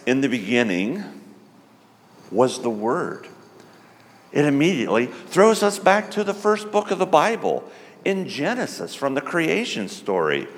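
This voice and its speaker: A man preaching a sermon in a slow, emphatic way. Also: big-room sound. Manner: slow, emphatic, lively pitch.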